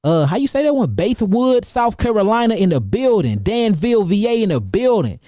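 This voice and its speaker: A high-pitched man from St. Louis hypes up his livestream viewers with rapid, repetitive shout-outs. He is an herbalist promoting his seminars, talking in loose slang. His voice is close and dry, with no room sound. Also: no echo. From St. Louis, Missouri, USA. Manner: energetic, repetitive, slangy hype.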